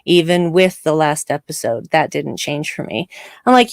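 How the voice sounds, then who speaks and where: A woman hosting a live discussion show, giving opinionated, animated takes with laughing asides. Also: low voice, moderate pace, dry recording, clean studio sound. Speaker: show host.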